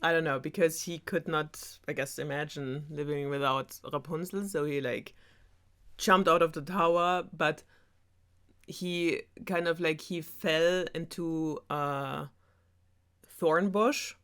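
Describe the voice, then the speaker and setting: A woman's voice: low-pitched, fairly even intonation, slow, a bit bright, smooth. Young woman, German accent, sarcastic, rambling, casual retelling. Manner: sarcastic, rambling, giggly asides. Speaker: host.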